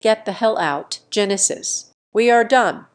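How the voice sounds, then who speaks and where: A woman reading the lines of an angry man, a new father, in a low, threatening tone. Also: a little slow, smooth, close to an everyday voice. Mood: hostile.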